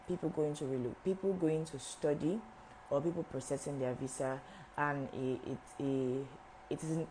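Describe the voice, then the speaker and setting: A woman's voice: low voice, warm tone, a little hiss or hum, low-quality recording. A young woman, a visa officer hosting a live information session, who often repeats and restarts her phrases as she talks straight to viewers. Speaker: visa officer at a travel agency.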